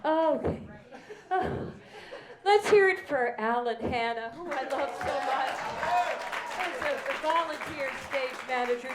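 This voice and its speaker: A woman hosting a benefit evening, unhurried as she introduces performers to a live audience. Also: fairly high pitch. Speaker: event host. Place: event hall with live audience. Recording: roomy hall echo.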